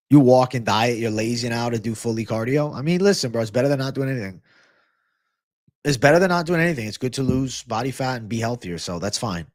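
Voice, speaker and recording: A man's voice: mid-range voice, fairly quick, pauses often, no echo, studio quality. A young man hosting a live MMA and fitness stream, chatting casually, swearing and thanking viewers. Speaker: livestream host.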